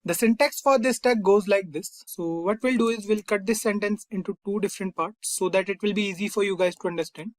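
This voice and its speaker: A man's voice: sits high, a little fast, hardly any pauses, no echo. A man teaching a screen-recorded coding tutorial, explaining step by step and addressing viewers as "you guys". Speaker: coding instructor.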